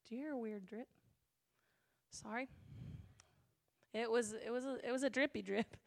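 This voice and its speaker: A woman pastor preaching a sermon, emotional and weepy at times, building up to near-shouting passion. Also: on the high side, steady tone, a little slow, creaky, long pauses.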